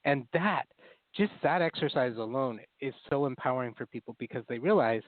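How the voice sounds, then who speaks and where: A man's voice: mid-range voice, animated, fairly quick, no echo, phone-quality sound. A man speaking as a therapist guest in an interview, explaining ideas in an earnest way and acting out inner critical voices.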